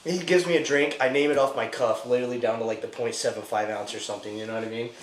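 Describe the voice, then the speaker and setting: A man in the middle pitch range tells a story in a relaxed, chatty way, sprinkling in "dude" and "like" as he goes. His voice carries a roomy echo. A faint noise sits underneath. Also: fast. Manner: laid-back and chatty, says "dude" and "like" often. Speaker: podcast co-host. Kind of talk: casual podcast storytelling.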